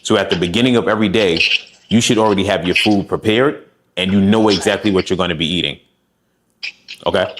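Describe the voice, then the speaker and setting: A man with a somewhat low voice coaching a client through a meal plan. He is direct and encouraging and walks through concrete examples step by step. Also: a little fast, long pauses, noisy background. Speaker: fitness coach. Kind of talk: coaching session.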